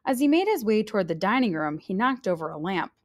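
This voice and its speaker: Lively woman reading a storybook aloud. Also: mid-range voice, fast talker. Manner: lively, expressive reading with voices.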